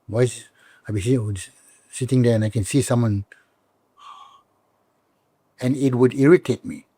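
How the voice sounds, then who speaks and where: A middle-aged man with a Malaysian English accent tells stories in a relaxed interview. He talks animatedly and acts out the voices of the people he quotes. His voice is mid-pitched and sounds dry and close to the mic. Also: moderate pace, breathy edge, no echo. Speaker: comedian guest. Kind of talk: casual interview chat.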